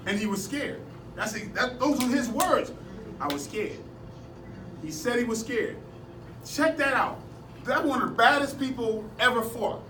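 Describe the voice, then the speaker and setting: A man telling animated stories to a seminar class, laughing often as he talks. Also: very high-pitched, moderate pace. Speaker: martial arts seminar instructor. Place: indoor seminar room at a convention. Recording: echoey room, distant from mic, background noise.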